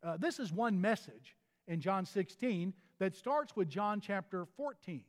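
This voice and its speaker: A man's voice: sits high, lively intonation, unhurried, big-room sound. A pastor delivering a sermon in an earnest manner, often restarting his phrases.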